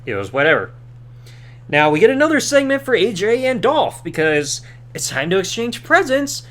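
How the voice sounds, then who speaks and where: A man's voice: high voice, a bit bright. A man hosting a podcast, recapping a wrestling show in casual commentary with sarcastic asides and mocking quoted voices. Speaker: podcast host.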